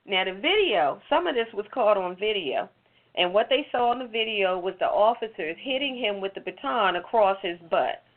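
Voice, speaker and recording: Speaking in a mid-range voice at a moderate pace, a woman animatedly rips into her topic with sarcastic, heated late-night talk show commentary. Rhetorical questions come one after another over phone-like, narrow audio.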